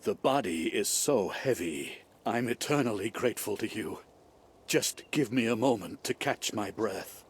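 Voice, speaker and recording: A man's voice: lowish voice, lively intonation, measured pace. An actor playing an ancient male ghost just returned to a body, awed and breathless. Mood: grateful. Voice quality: gravelly, husky. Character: newly resurrected male ghost, ancient and grateful. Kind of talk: video game voice acting.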